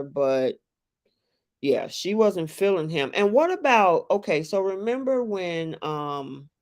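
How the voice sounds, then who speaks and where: Slow, chatty live-stream host. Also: medium pitch. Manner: unhurried, chatty, reads viewer comments aloud. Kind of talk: casual live chat about a reality show.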